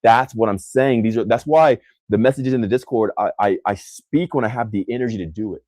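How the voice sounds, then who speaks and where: Intense low-voiced man, dry close sound. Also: fairly quick, darkish tone, no echo. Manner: intense, emphatic, repeats phrases for effect; scornful toward critics. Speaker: host answering live comments. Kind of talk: motivational livestream talk.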